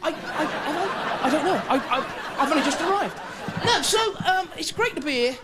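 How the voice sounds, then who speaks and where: A young male comedian performs stand-up on a TV studio stage, his voice pitched high and swooping wildly as he stammers and panics through each bit. Loud audience laughter and studio noise surround him. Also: animated, normal speed, over a noisy crowd. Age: young adult.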